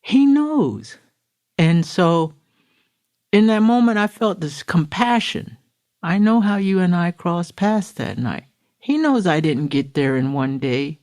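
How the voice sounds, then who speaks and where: A woman's voice: lowish voice, lively intonation, slow, a little mellow. Earnest middle-aged woman telling her story. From Florida, USA. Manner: earnest, emotional storytelling with acted-out quotes. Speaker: podcast guest. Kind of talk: personal recovery testimony.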